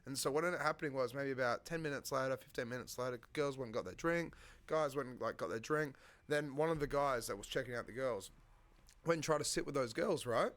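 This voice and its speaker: A man's voice: mid-range voice, fast talker, a bit bright. A man with an Australian accent, a podcast host telling a story in casual chat, tagging his lines with "right?".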